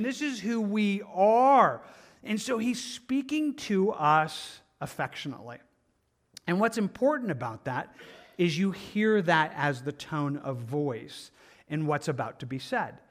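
A man with a high voice delivering a sermon as a pastor. He talks earnestly and conversationally, repeating himself for emphasis and slipping in casual asides. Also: expressive, unhurried.

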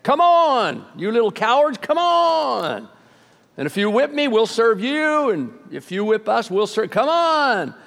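Man playing a brash giant soldier, taunting hard, voice pushed up high. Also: big pitch swings, unhurried, creaky, full character voice. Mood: jeering. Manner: loud jeering taunts. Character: taunting giant male warrior, brash bully. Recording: long hall reverb.

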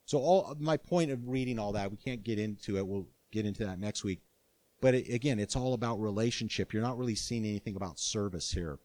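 An older man preaching a sermon as pastor, earnest and animated, with frequent restarts. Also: fairly low pitch, fairly quick, dry recording.

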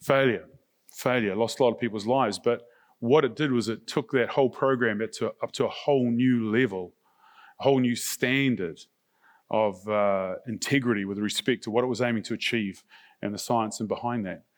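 A man's voice: mid-range voice, moderate pace. A middle-aged male pastor preaching a sermon in a conversational way, often asking the congregation rhetorical questions.

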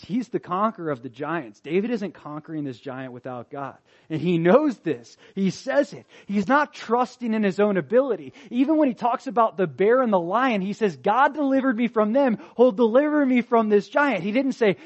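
A male pastor preaching a sermon in an animated, emphatic way, swinging from loud to soft. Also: high-pitched, normal speed, hardly any pauses, muffled recording.

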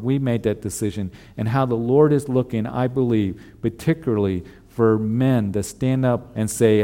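A man's voice: medium pitch, steady tone, moderate pace, hardly any pauses, warm tone. A male pastor preaching a sermon in an earnest way, repeating emphatic refrains.

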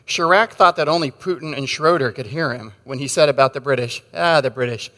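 Wry preacher in a reverberant hall. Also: male voice, on the high side, fairly quick, a bit bright. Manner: conversational and wry, with asides and jokes. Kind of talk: sermon with storytelling.

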